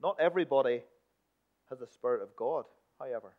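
A man preaching a sermon in a church, emphatic one moment and hushed the next. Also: medium pitch, brisk. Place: church building. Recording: dull lo-fi recording.

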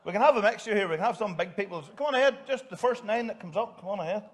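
Upbeat jokey man, high voice. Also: rapid-fire. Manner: jokey, upbeat, directing volunteers. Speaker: pastor. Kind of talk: children's talk in church.

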